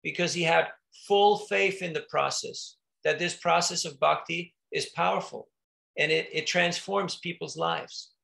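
A man's voice: a little high, fairly even intonation, unhurried, gravelly, pushed and bright. A man, a monk, giving an informal spiritual talk, telling stories in a conversational way with frequent restarts and little laughs.

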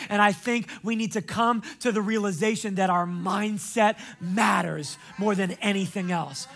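A man preaching a sermon as pastor, energetic and emphatic, casual and chatty with frequent fillers, sometimes shouting. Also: sits high, a little slow, hardly any pauses.

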